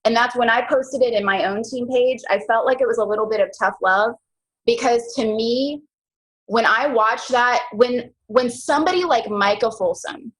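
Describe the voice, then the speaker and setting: Woman, young adult, team leader, casual call, slightly high voice, chatty, slangy, animated. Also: moderate pace, rough recording.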